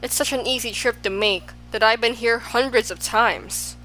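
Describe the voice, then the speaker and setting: A woman voicing an excitable, fickle man who swings between extremes, in an audiobook. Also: a little high, moderate pace, faint music behind, poor audio. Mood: eager. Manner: exclaiming, swinging between moods.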